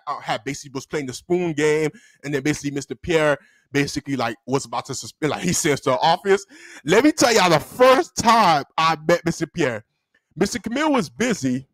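Young male vlogger, casual slangy storyteller, very expressive pitch, dry close sound. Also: dry recording. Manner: animated and slangy, laughs often. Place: indoor room at a desk.

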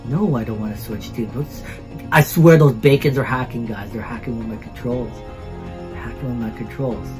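A man hosting his gaming channel, giving excitable gameplay commentary, repeating himself and calling out to his viewers. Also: medium pitch, moderate pace, music in the background.

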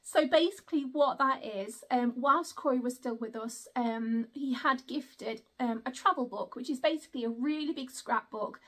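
Give me a high-pitched woman in her thirties gushing over gifts in a casual vlog. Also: normal speed, hardly any pauses. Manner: gushing, exclaims often. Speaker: vlogger. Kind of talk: casual unboxing chat.

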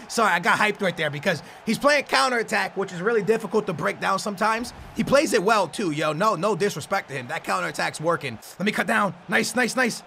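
High, gravelly, hyped young gamer man. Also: expressive, fairly quick, a little hiss or hum. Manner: hyped, yelling at goals, playful banter; hums and sings snatches between plays. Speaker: gaming YouTuber. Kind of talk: excited video game commentary.

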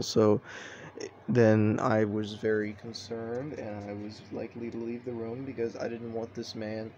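A man's voice: mid-range voice, level tone, normal speed, dark tone, lo-fi sound, a little hiss or hum. Profane man rambling through a story. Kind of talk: storytime vlog.

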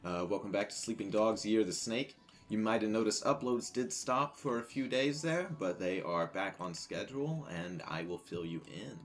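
A man's voice: on the low side, moderate pace, soft background music. Crude, joking young man gaming. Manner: crude, joking, bursts into loud excited shouting. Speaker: gaming YouTuber. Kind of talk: casual let's-play commentary.

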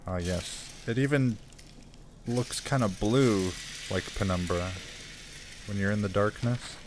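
A man's voice: lowish voice, slow, noisy background. A man giving casual, playful let's-play commentary, thinking aloud as he plays a game. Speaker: gaming video creator.

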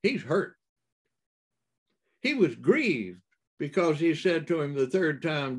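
A man preaching a sermon in a halting way, with many fillers and restarts and emphatic rises. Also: fairly high pitch, big pitch swings.

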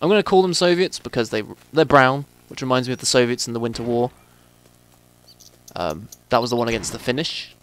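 A man's voice: medium pitch, brisk, fairly bright tone, clean tone. A young man giving rambling, chatty commentary while playing a military shooter. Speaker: gameplay commentator. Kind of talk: casual gameplay commentary. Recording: gameplay gunfire and explosions behind.

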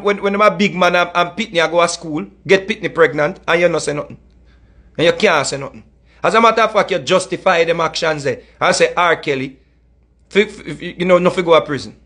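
A man's voice: high voice, brisk, fairly bright tone. A middle-aged man with a Jamaican accent, delivering a heated, scolding monologue that mixes in Patois and repeats his points. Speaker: music commentator.

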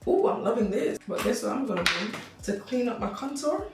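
A woman's voice: on the high side, a little fast, recorded from a distance, noisy background. Chatty Jamaican woman in echoey room. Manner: chatty, animated storytelling. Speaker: makeup artist. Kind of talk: makeup tutorial with storytime.

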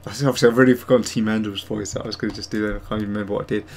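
A man's voice: on the low side, steady tone, racing. Rambling man chatting on a stream. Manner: rambling, self-mocking, reads chat aloud. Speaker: host of a digital sculpting stream. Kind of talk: casual livestream chat.

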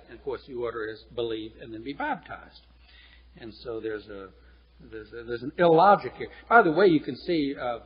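A man preaching a lecture-style sermon, teaching in a lively, animated way with chuckles and restarts. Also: on the high side, slightly rough. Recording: dull lo-fi recording in a reverberant hall.

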